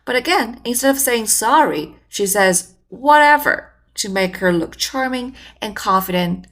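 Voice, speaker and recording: A woman hosting a communication channel, giving measured, explanatory scripted narration. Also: on the high side, expressive, fairly bright tone.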